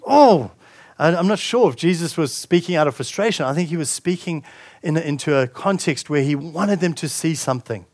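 A man's voice: fairly high pitch, a little fast. A male pastor preaching a sermon, reading scripture aloud and commenting on it with frequent restarts.

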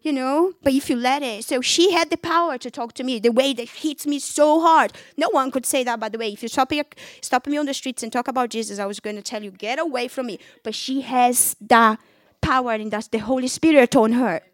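A woman's voice: high voice, a little fast, no echo, studio quality. Earnest Brazilian woman telling her story. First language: Portuguese. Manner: earnest, candid storytelling with lively acted-out quotes. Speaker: speaker giving a faith testimony. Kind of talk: personal testimony.

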